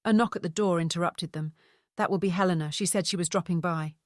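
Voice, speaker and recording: A woman reading an audiobook novel in a steady, even narration. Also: lowish voice, quick pace, no echo, clean studio sound.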